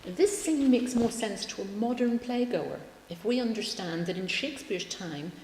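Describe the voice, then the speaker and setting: A woman's voice: mid-range voice, lively intonation, moderate pace, a little mellow. A woman giving a public lecture, wry in tone, reading quotations aloud with emphasis. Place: large lecture room. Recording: echoey hall, faint background hum.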